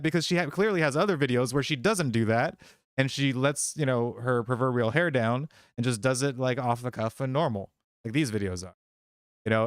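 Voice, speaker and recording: A man co-hosting a casual commentary chat, talking in a rambling, halting, profane way. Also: mid-range voice, clean tone, no room sound, studio quality.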